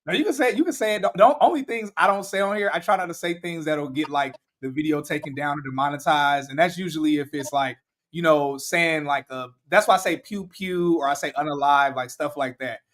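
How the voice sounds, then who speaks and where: Male podcast host, lively and a bit high-voiced, acts out what people said. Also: brisk. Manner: animated, laughing, acts out quotes. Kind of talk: casual podcast chat.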